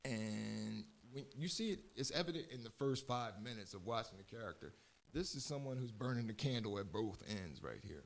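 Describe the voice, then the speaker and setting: A man's voice: fairly low pitch, expressive, normal speed, vocal fry. A man with a Philadelphia-area accent, hosting a radio show in a rambling, chatty way, often correcting himself mid-sentence. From southeastern Pennsylvania. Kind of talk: casual talk radio chat.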